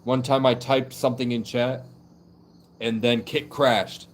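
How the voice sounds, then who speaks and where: A young man delivers a rambling live stream monologue in a mid-range voice with little pitch movement, speaking a little slowly amid slight background noise. "Like" fillers crop up constantly as he talks.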